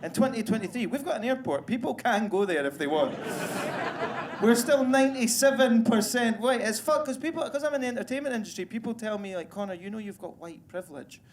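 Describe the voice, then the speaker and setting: A man's voice: extremely high pitch, animated, brisk, a little hiss or hum. A Scottish man doing a crude, self-deprecating stand-up comedy set on stage, with the audience laughing behind him. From Scotland. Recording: live room with crowd ambience.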